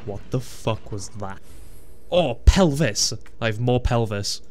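A young man giving casual gameplay commentary as a video host, excitable and sweary, laughing often and yelping at surprises. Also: lowish voice, moderate pace, slight background noise.

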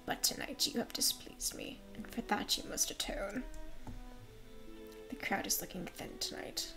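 A woman voicing a scheming older male master of a dancing troupe in a slow, hushed, whispery drawl. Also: medium pitch, gravelly, over music. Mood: menacing whisper.

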